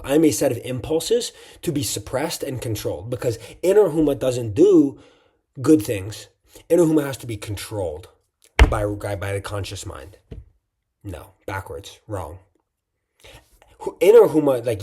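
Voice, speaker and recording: A man's voice: mid-range voice, dark tone, slightly rough. A tired man giving a casual, reflective vlog monologue late at night, rambling with frequent "like"s and restarts. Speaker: vlogger.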